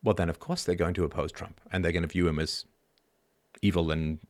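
A man in his fifties hosting a live show, talking in an animated, sarcastic way. He swings from quiet asides to loud, emphatic outbursts and keeps asking "right?". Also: low-pitched, a little fast. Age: 50s. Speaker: show host.

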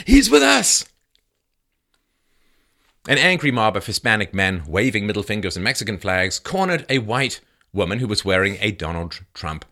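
Animated, bright-voiced male commentator. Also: on the low side. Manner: emphatic, sarcastic, lively. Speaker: political commentator. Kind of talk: monologue commentary.

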